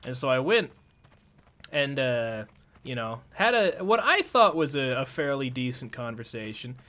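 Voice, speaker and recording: A man's voice: medium pitch, sing-song, a little slow, bright, forceful tone. A young man streaming and chatting casually, telling a long story with many fillers and restarts.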